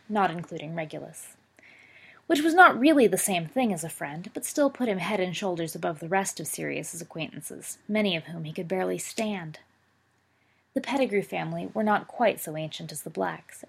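A woman reading a story aloud in steady storytelling, with small slips. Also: lowish voice, gravelly, slightly rough. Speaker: reader. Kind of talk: reading fan fiction aloud.

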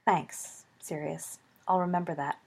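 Woman reader as a withdrawn teenage boy: low, husky, mumbled and glum. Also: steady tone, measured pace, darkish tone, heavily acted. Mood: wary. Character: quiet, moody teenage schoolboy.

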